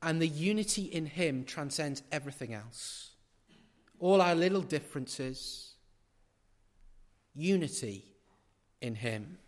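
A man preaching a sermon in a large church, building to loud emphatic peaks with rhetorical questions and repetition, then dropping to quiet asides. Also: a little high, lively intonation, slow pace, long pauses, long reverb tail.

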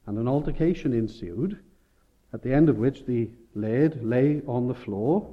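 A man's voice: mid-range voice, a little slow, lo-fi sound. A man preaching a sermon, explaining scripture and rising to emphatic peaks. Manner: expository, rising with emphasis, self-correcting.

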